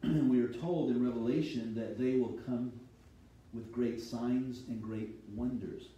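A man's voice: mid-range voice, fairly even intonation, a little slow, mellow, far from the mic, lo-fi sound. A man preaching a sermon as a pastor, teaching steadily and reading scripture aloud. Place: church sanctuary. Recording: echoey hall, voice from off-mic.

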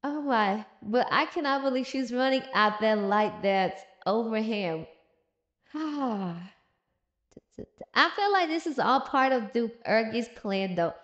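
A woman's voice: a little high, animated, takes it slowly, lo-fi sound. A woman hosting a casual comic recap, sassy and slangy, laughing at the characters. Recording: roomy echo.

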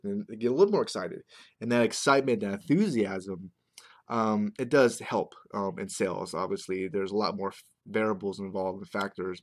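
Rambling, chatty man vlogging. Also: medium pitch. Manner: rambling, conversational, keeps checking in with "right?". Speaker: marketing vlogger. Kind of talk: casual talking-head monologue.

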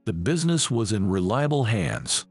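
A man narrating a scripted story in an even storytelling read, with a gravelly voice. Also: on the low side, normal speed, faint music behind. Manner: even storytelling read, voicing all characters plainly.

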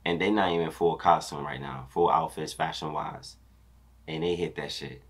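Deep-voiced man reacting excitedly. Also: moderate pace, slightly rough. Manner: excitable, exclaims and repeats himself, slangy. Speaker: dance reaction YouTuber. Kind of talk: casual reaction vlog.

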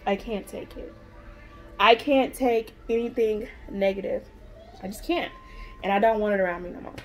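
A woman's voice: mid-range voice, normal speed, soft background music. A mother talking straight to camera in a casual, heartfelt vlog, emphatic and repetitive, blunt and swearing freely. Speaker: vlogger, mother.

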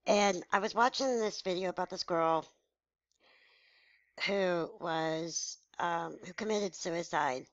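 A woman's voice: fairly low pitch, pushed and bright, dry recording, dull audio. A woman in her forties telling a personal story to her viewers, frank, emotional and blunt. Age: 40s. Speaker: vlogger. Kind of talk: candid personal story to camera.

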